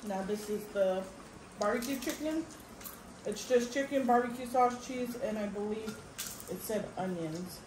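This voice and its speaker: Slow-talking woman reviewing pizza at dinner. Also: mid-range voice. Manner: chatty, describing dishes while eating. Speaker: family vlog host. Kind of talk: casual food review chat. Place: restaurant at a family dinner. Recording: echoey room with background noise.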